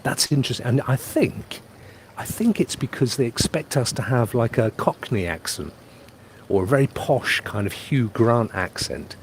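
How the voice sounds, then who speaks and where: His voice is medium-pitched and expressive, at a normal speed, with a little hiss or hum in the audio. The man, from England, is chatting on a live stream outdoors by a private holiday pool, reading out comments and rambling about his travels.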